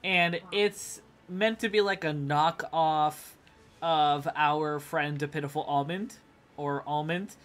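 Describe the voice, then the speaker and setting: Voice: mid-range voice, fairly even intonation, slow pace, fairly bright tone. A friend on a game stream, explaining things in a rambling, hesitant way with lots of fillers. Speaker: friend and co-player. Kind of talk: casual gaming chat.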